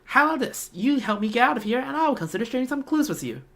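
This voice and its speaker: A woman's voice: high-pitched, very animated, fast, a bit bright, voice pushed up, full character voice. A woman voicing a scheming young female thief who plays the damsel in distress in a game playthrough. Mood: pleading, theatrical.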